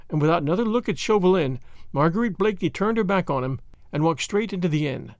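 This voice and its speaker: Male audiobook narrator, slightly high voice, lively intonation, dry close-miked read. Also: fast, no echo. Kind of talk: scripted narration of a classic novel.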